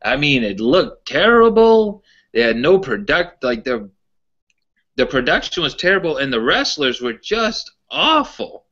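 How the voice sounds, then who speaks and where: A man doing an impression of a gruff old-school wrestling fan in his late fifties with a Pittsburgh accent, griping in disgust. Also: a little high, very animated, unhurried, pushed and bright, muffled recording, voice pushed up, exaggerated voice.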